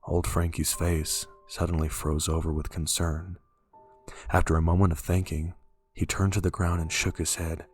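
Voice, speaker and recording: A man narrating a scripted horror story in a calm, measured way. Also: a bass voice, soft background music.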